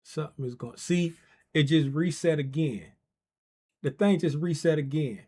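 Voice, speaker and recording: His fairly high voice has a slight roughness, and he keeps a moderate pace. The man hosts a casual trading livestream, bantering straight to his chat and getting loud and thrilled as he calls a giveaway race.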